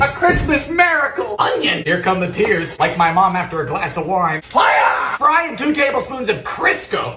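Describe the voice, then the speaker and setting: Campy man with lively, swooping delivery. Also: sits high, slight background noise. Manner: campy, sarcastic quips and sudden loud exclamations. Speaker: vintage recipe cooking host. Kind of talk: comedic cooking commentary.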